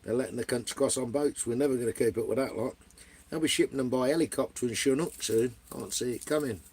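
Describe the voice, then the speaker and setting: Middle-aged English guy, gravelly voice, blunt and rambling, swears constantly, chatting to viewers on a livestream. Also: medium pitch, quick pace, darkish tone. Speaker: vlogger. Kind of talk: casual livestream chat, answering viewers.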